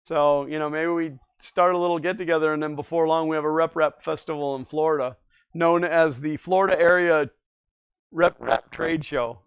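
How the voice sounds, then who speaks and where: A man's voice: fairly high pitch, fairly even intonation, fairly quick, clean tone. A man hosting a livestream, chatting casually and reading viewer comments aloud, easygoing and often laughing. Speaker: livestream host.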